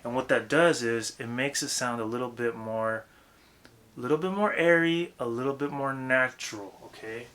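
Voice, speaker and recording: Speaking at a moderate pace in a mid-range voice, this young male vocal coach wanders through a loose, foul-mouthed talk on vocal technique. He keeps breaking off to demonstrate at full volume.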